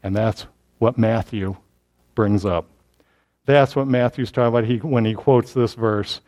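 A man giving a Bible lesson, explaining in an animated way with frequent restarts. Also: medium pitch, unhurried. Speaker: Bible teacher. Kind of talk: scripture lesson.

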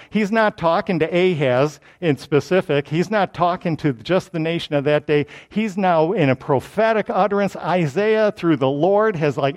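A man's voice: on the high side, darkish tone. A man teaching a sermon verse by verse, switching into raised, proclaiming tones when he reads scripture. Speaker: preacher. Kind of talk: expository Bible teaching.

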